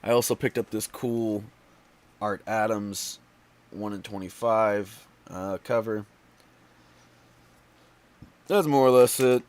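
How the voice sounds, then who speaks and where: A man's voice: fairly low pitch, slow pace, long pauses, a little mellow. A man hosting a casual home livestream, stuffy and out of breath, talking in a tired, rambling way full of fillers and restarts. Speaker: livestream host.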